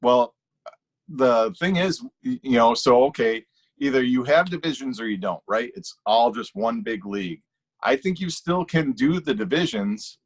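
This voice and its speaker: A man's voice: mid-range voice, moderate pace. A man in a loose, rambling chat, circling back and restarting sentences as he makes his case. His voice sits in an ordinary middle register, and he talks in the easygoing way of a podcast co-host. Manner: rambling, self-interrupting, animated. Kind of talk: casual chat about fantasy football.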